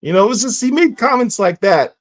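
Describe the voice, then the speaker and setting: An excitable man co-hosts a comics chat show, firing off questions and reactions. His voice sits on the high side. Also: fairly quick. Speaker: podcast co-host. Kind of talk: casual chat.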